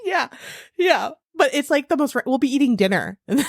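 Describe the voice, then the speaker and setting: A woman podcast co-host telling playful stories in casual chat. Her pitch swings widely as she talks. She is recorded close and dry. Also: a little fast, gravelly, no echo. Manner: animated, playful storytelling.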